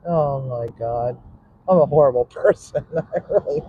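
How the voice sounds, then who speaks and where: A man's voice: medium pitch, lively intonation, normal speed, narrow, tinny audio. A man, a cook and vlogger, rambling casually to his audience from his car in traffic, laughing often and muttering asides. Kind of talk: casual rambling monologue while driving.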